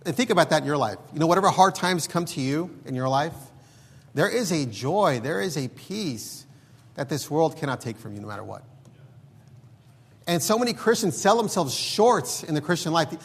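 A man's voice: fairly high pitch, lively intonation, normal speed, husky. A man preaching a sermon in an emphatic way, repeating words and often saying "look.". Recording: long hall reverb.

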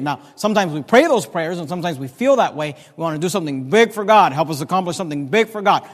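A man with a high voice preaches from the pulpit, slowing down to stress each quoted scripture verse. His words ring out with the long reverb of a large church hall. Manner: preaching, drawn-out emphatic quoting of scripture. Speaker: pastor. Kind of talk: sermon.

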